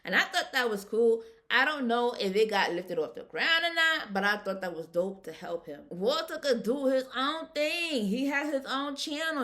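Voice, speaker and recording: A woman giving a casual, animated recap of a reality show episode, chatting colloquially and laughing often. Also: fairly high pitch.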